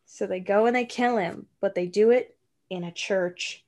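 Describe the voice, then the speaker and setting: A woman's voice: medium pitch, a little mellow. Breezy woman recapping a movie. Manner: breezy, acts out characters with quick offhand voices. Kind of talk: casual chat.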